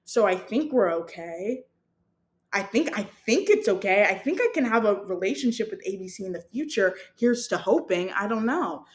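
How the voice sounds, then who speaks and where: A woman's voice: mid-range voice, normal speed. Chatty young woman with roomy echo. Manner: chatty, animated, self-mocking, laughs often. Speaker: podcast host. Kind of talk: casual storytelling monologue.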